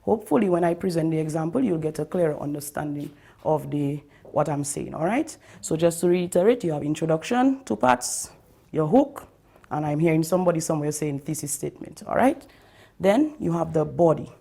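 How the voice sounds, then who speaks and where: A woman's voice: animated, creaky, mellow, slightly rough. A woman teacher giving a recorded writing lesson to pupils, explaining step by step and often checking in with "okay?" and "all right?". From Dominica. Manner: stresses key terms by slowing down and lifting pitch.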